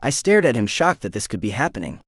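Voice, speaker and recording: Expressive male audiobook narrator. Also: medium pitch, fast talker, vocal fry, slightly rough, no echo, studio quality. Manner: expressive, animated. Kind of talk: first-person romance narration.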